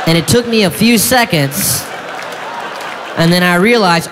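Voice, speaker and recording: A man performing stand-up comedy, telling a story in an animated, incredulous way with sudden shouts. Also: high voice, unhurried, noisy background. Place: live comedy venue on stage. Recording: live stage in a reverberant hall with faint crowd ambience.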